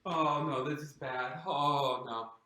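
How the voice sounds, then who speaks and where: A woman's voice: deep voice, takes it slowly, sharp tone, full character voice. A woman pastor performing a devotional monologue as a frightened disciple of Jesus, anxious and stammering with many restarts. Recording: roomy echo.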